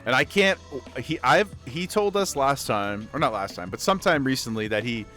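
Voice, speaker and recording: A man streaming casually, chatting loosely and getting excited, swearing freely and repeating himself. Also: mid-range voice, normal speed, soft background music. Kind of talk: casual livestream chat.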